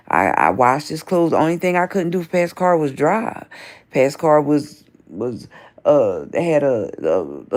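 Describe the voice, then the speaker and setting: A woman in her 50s with a low, gravelly, darkish voice hosts a livestream and rants confrontationally. She reads the chat, addresses people directly by name, and repeats herself.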